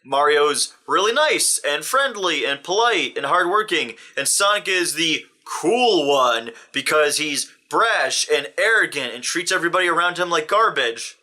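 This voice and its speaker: A young man co-hosting a film review, talking casually and animatedly, ranting and slipping into quick impressions. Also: on the high side, animated, sharp tone. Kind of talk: casual chat.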